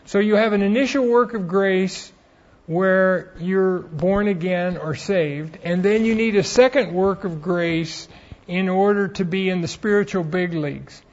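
A man's voice: high voice, a little slow. A man giving a theology lecture in an earnest, explanatory way, weaving in personal stories. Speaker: Bible teacher. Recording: dull lo-fi recording.

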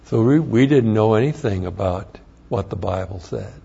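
An older man giving an earnest, plain-spoken personal testimony, with halting restarts as he tells his story. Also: on the low side, creaky, mellow, slightly rough. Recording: dull lo-fi recording.

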